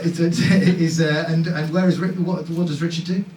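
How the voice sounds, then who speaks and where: A high-pitched man doing playful stand-up crowd work, ribbing the audience with laughs and restarts. His voice sounds roomy and a little distant from the mic, as if recorded live in a comedy club. Loud crowd noise fills the background. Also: level tone. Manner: quick, playful teasing with frequent laughs and restarts.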